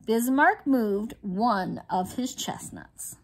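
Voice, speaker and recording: A woman reading a children's story aloud at a slow, careful pace. Her voice is high and lively, rising and falling freely. She takes her time over each sentence. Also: husky. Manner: expressive, deliberate storytelling. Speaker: library storyteller.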